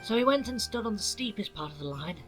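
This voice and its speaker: A man voicing a calm, wise older male engine who talks in a gentle, thoughtful way. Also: sits high, fast talker, faint music behind, pitched above the performer's own voice.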